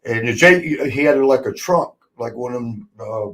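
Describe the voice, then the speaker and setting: Animated and a bit bright, this man speaks at medium pitch and a moderate pace on a rough recording. The podcast host, once a wrestler, trades old road tales in an easygoing chat, full of laughter and swearing, voicing the people he quotes.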